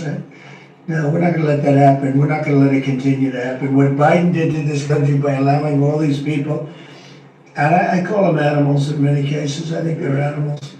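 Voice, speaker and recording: A man's voice: on the high side, dark tone, distant mic, a little hiss or hum. An older man speaking at a press event in an emphatic, repetitive, rambling way. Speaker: president answering press questions. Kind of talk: press conference remarks. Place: large formal meeting room. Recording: echoey room, off-mic.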